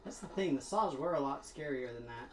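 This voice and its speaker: A man comments on his gameplay in a loose, playful, rambling way. His voice sits in a roomy space with a steady wash of noise behind it. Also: medium pitch, a little fast. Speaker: gaming streamer.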